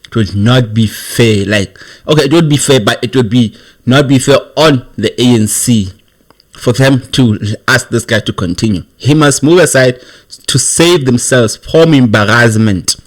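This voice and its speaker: A man's voice: mid-range voice, unhurried. A man giving casual, amused political commentary to his viewers. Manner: chatty, amused, chuckles between points.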